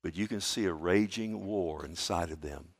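A man preaching a sermon to his church. He asks rhetorical questions and reads scripture aloud, swinging between loud emphasis and a hushed, slow delivery. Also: low voice. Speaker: pastor.

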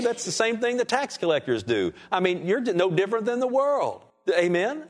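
A male pastor preaching a sermon to his congregation. He asks them "Amen?" and swings between raised, emphatic lines and hushed, soft ones. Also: high voice, big pitch swings, a little fast, few pauses. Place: church sanctuary.

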